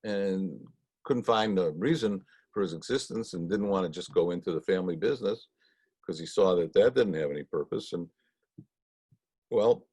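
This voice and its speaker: Gravelly low-voiced man telling stories. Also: a little mellow, no echo. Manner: folksy, conversational, frequent ums. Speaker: teacher leading Torah study. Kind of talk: storytelling talk.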